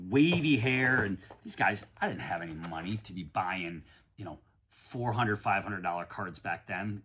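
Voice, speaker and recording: A middle-aged man from the United States, rambling casually through a card-break vlog and often breaking into excited shouts. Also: lowish voice, slightly rough. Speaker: card collector opening packs.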